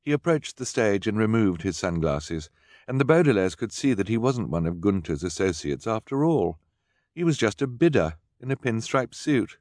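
Male audiobook narrator, low and animated, dry studio read. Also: moderate pace, dry recording. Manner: expressive storytelling.

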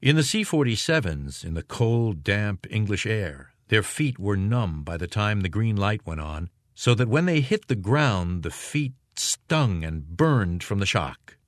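A man narrates a war history in a low voice that rises and falls with plenty of expression. His delivery is measured and storyteller-like. The recording is dry, with no room sound. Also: big pitch swings, no room sound. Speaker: audiobook narrator. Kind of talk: scripted narration.

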